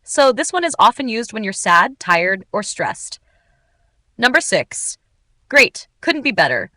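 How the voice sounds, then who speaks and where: A woman teaching English in an upbeat, clearly articulated, scripted narration. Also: mid-range voice, very animated, unhurried, bright, forceful tone, no room sound.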